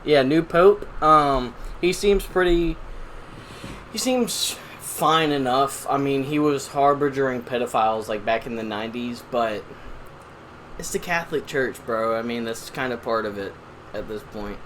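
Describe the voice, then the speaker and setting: A young man hosts a casual podcast, teasing and joking as he moves the talk along. His voice sits at a middle pitch. A faint air-conditioner hum sits in the background. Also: a little slow, a bit bright. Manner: teasing, joking, drives the segments. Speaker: podcast host. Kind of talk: casual chat.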